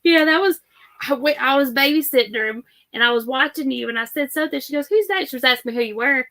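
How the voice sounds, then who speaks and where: A woman's voice: high voice, quick pace, sharp tone. A middle-aged woman, chatting casually as a livestream host and reading out comments. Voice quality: chatty, rambling.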